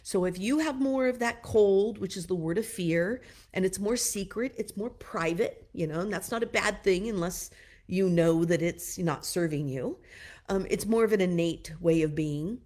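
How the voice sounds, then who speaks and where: A woman giving a casual teaching talk, loose and chatty, full of "you know" and "like", giving gentle direct advice to her listeners. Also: mid-range voice, normal speed. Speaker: wellness teacher.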